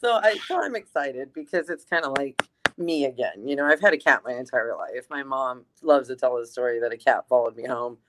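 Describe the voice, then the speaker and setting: A woman chatting casually and telling an animated story, swearing freely and using lots of fillers. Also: a bass voice, fairly quick.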